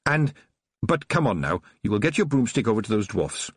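A man's voice: on the low side, big pitch swings, a little fast, breathy edge, no room sound, clean studio sound. A man voicing a sinister, honeyed old witch who runs a shop, gleeful and menacing. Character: sinister sugary old woman witch shopkeeper. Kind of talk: audiobook character voice.

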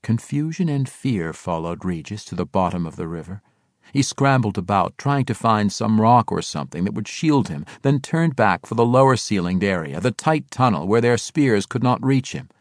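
Expressive male fantasy audiobook narrator. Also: on the low side, moderate pace, no echo, studio quality. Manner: expressive, dramatic.

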